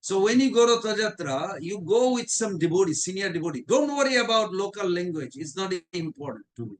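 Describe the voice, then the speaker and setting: Brief: man with a high voice, devotional class speaker, chuckling storyteller. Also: very animated, a little fast. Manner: informal non-native English phrasing. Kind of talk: anecdotal devotional class talk.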